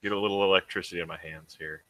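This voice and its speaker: Male tabletop player, very low voice with a bright edge, hesitant and thinking aloud. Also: steady tone, racing, dry recording, rough recording. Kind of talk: tabletop game play.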